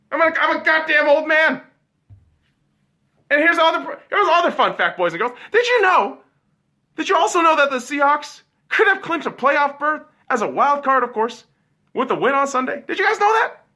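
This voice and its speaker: A man in his late twenties hosting a podcast, ranting loudly with constant swearing about football. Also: very high-pitched. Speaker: podcast host. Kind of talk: profane sports rant.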